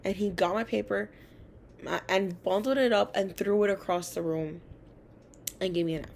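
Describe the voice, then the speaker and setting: A woman's voice: medium pitch, moderate pace, vocal fry, slight background noise. A young adult woman and college student telling personal school stories in a chatty way, full of fillers. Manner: chatty, many fillers, animated quoting of others. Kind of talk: casual personal storytelling.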